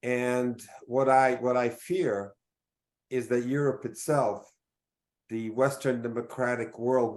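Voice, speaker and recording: A middle-aged man delivers a formal statement at a press conference. He speaks in a measured, deliberate way, stopping often on fillers as he builds his points. His voice sits at an ordinary middle pitch. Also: darkish tone.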